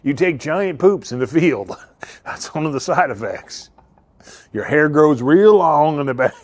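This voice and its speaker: A man's voice: on the high side, lively intonation, a little slow, no room sound. Car-lot owner doing his own off-the-cuff ad, cracks himself up, keeps losing the thread. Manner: rambling, laughs often, self-interrupting. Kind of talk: joking improvised commercial spiel.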